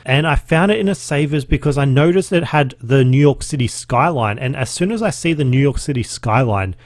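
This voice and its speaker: On his casual solo podcast, an Australian host in his thirties runs through his week in a brisk, expressive, mid-range voice with no room sound. He chats away, laughing and swearing freely.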